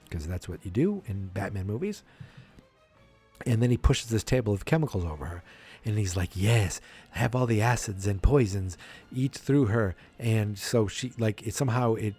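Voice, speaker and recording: A man's voice: on the low side, mellow, slightly rough. A man hosting a podcast, casually recapping a movie in a rambling way and acting out lines in silly voices. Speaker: podcast host. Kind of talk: casual movie review chat.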